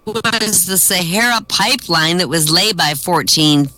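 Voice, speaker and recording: A man works through a comedy set of old jokes with a bright, forward voice. He jumps his pitch up for the characters' quoted lines. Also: unhurried. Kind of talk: telling jokes to an online audience.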